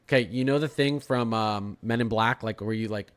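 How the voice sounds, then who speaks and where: A man's voice: fairly low pitch, fairly even intonation, normal speed, smooth. Chatty man streaming live weather. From Florida. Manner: chatty, restarts and repeats words, reads chat aloud. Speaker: weather livestream host. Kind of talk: casual live weather commentary.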